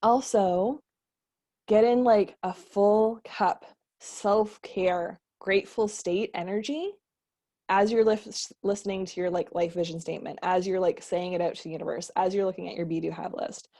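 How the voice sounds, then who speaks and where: A woman's voice: mid-range voice, steady tone, normal speed, dark tone. A young adult woman coaches her students through a casual online lesson in a mid-range voice. She talks in a loose, chatty way, peppered with "like" and the odd casual swear. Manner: chatty, filler-heavy with frequent "like", casual swearing. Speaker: business coach.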